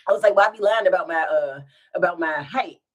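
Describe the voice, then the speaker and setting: A woman's voice: fairly low pitch, quick pace, dull audio. A woman telling funny stories to her live viewers in a casual storytime, giggling and breaking into laughter as she goes. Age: adult with children. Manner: giggly, animated, bursts into laughter.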